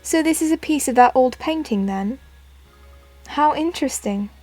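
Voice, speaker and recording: A woman voicing a calm, thoughtful male professor in a puzzle game, in her own voice without an accent. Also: high-pitched, normal speed, soft background music.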